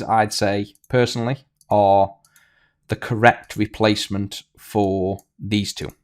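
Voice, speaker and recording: A man teaching a coding tutorial over a screen recording, thinking aloud with fillers and restarts. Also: low-pitched. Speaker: programming tutor.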